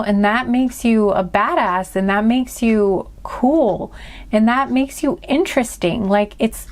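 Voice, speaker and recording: A woman talks straight to the camera in a casual spiritual card reading, with a voice of ordinary middle pitch. She is earnest and heartfelt. She rambles and restarts her sentences often, with plenty of fillers along the way. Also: darkish tone. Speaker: tarot and oracle card reader.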